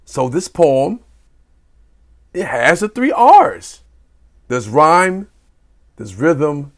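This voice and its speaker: A man teaching a children's poetry lesson, reading aloud in an animated, playful way with sound effects. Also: on the high side, extremely slow.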